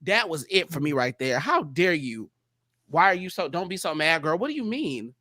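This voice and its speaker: A man hosting a casual panel chat, animated and quick to act out other people's lines. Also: on the high side, no echo. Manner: animated, quotes people in exaggerated voices. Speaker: panel host.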